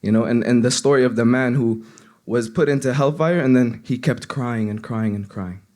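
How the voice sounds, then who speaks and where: A man's voice: medium pitch, normal speed, a little mellow. A young man, a seminary student, gives an earnest, conversational sermon with frequent restarts. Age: young adult. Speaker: seminary student giving a reminder. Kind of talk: informal sermon.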